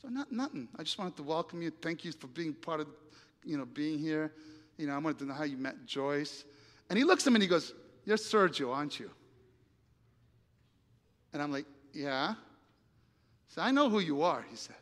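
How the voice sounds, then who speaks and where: A man preaching, telling a personal story with lively acted-out dialogue and big swings between loud and hushed lines. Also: on the high side, moderate pace, pauses often. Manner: animated storyteller acting out dialogue, dramatic volume swings. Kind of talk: sermon storytelling. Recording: reverberant hall.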